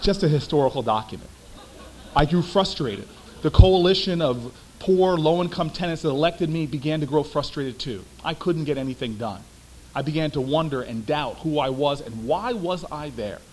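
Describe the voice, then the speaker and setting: A young man, a former city councilman, giving a storytelling speech with emphatic, animated delivery. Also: fairly high pitch, normal speed, a little hiss or hum, poor audio.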